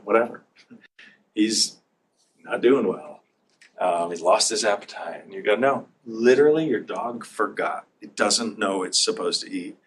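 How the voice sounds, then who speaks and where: A man talking casually about pet food, animated, repeating words and acting out owners' lines. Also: on the low side, slight background noise. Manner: repeats words and restarts often. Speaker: pet food business speaker. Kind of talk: casual storytelling talk.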